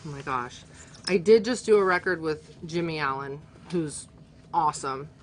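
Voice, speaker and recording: A woman's voice: deep voice, normal speed, a little hiss or hum. A woman chatting casually as a guest, talking freely and filling her sentences with "like". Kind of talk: casual chat.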